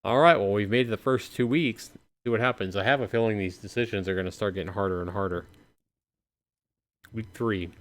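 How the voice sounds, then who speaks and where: A man's voice: lowish voice, brisk. A man streaming a game live, chatting with his viewers in casual, talkative commentary and sounding tired. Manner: chatty, talks to chat. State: tired, yawning. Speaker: livestreamer. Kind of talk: let's-play commentary.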